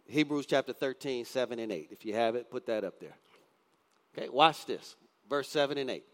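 In a church sanctuary with long reverb, a man in his fifties preaches a sermon at normal speed in a mid-range voice. The pastor often puts questions to the congregation and reads scripture aloud.

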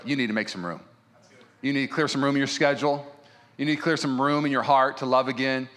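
Fervent male pastor, bright voice. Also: medium pitch. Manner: fervent, swings between loud preaching and quiet prayer. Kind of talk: sermon.

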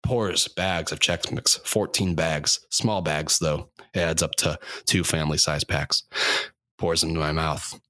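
Deep-voiced young man, deadpan rambling podcast host. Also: measured pace, no echo, clean studio sound. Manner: deadpan, self-deprecating rambling. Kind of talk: rambling comedic monologue.

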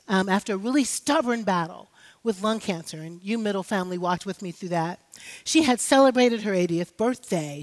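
A middle-aged woman pastor delivers a sermon from the pulpit. She tells personal stories with gentle humor and turns often to her congregation with questions. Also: medium pitch. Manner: storytelling, personal and humorous, speaks directly to the congregation.

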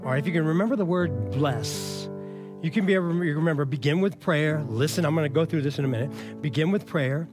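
A man's voice: fairly high pitch, brisk, over music. A man pastor giving an emphatic, conversational sermon full of casual asides to the congregation.

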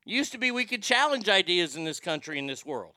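A man delivers a sarcastic, profane comedic rant as a talk show host. His voice sits high and bright with a crisp, smooth tone. The sound is dry and close, with no room around it. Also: sing-song, fairly quick, dry recording. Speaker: podcast host. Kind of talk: ranting comedic commentary.

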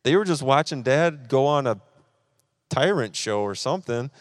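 A man's voice: medium pitch, lively intonation, moderate pace, no room sound, studio quality. A man, preaching at a church service and animatedly acting out his own frustration while telling a personal story. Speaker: pastor.

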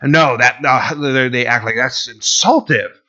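A man's voice: medium pitch, a little slow, sharp tone, highs cut off. A man preaching a sermon in a conversational way, sometimes acting out the voices of Bible figures. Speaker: pastor.

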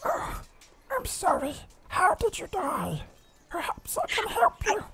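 A man voicing a panicky, excitable male gnome in a tabletop game, squeaky and frantic. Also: slow, vocal fry, very noisy, heavily acted. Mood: frightened.

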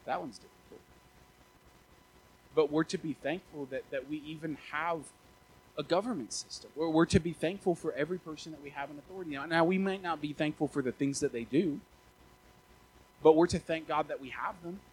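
A young man in his twenties preaching a casual, animated sermon as a pastor, often stammering and restarting his words. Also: on the high side, a little fast, husky, poor audio. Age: 20s.

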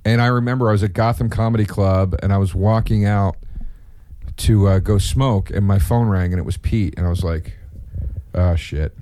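A man's voice: on the low side, steady tone, a little fast, mellow, a little hiss or hum. A man hosting a casual chat, telling stories in a rambling way with many fillers and restarts. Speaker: comedian and podcast host.

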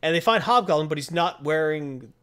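A man's voice: fairly high pitch, lively intonation, brisk, fairly bright tone, clean tone. A man hosting a casual chat, retelling a comic book story and acting out the characters' lines. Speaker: comic book podcast host.

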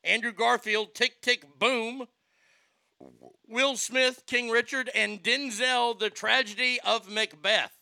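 A man's voice: extremely high pitch, fairly even intonation, slow pace, vocal fry, sharp tone, clean tone, no echo. A man hosting a casual podcast chat, brash, joking and profane. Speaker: host.

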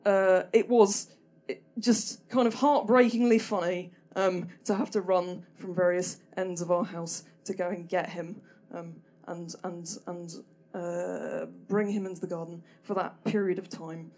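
A woman's voice: lowish voice, steady tone, a little slow, warm tone. A young woman telling a stand-up story on stage, hesitant and rambling, full of ums and restarts, with a dry, self-deprecating humour. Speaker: stand-up performer. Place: small comedy venue stage.

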